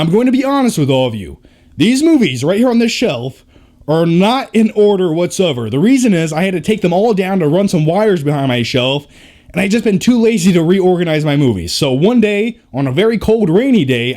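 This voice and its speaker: A man with a fairly high voice that swings widely up and down as he talks. He chats his way through a tour of his home theater room, tossing in jokes and casual swearing. He sounds close and clear on a camera shotgun mic. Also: darkish tone. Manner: chatty, joking asides, casual swearing.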